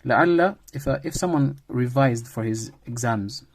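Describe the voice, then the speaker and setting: A man's voice: medium pitch, unhurried, creaky, a little hiss or hum. Man teaching grammar, repeating key phrases. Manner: repeats key phrases, explains with everyday examples. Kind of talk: classroom-style grammar lesson.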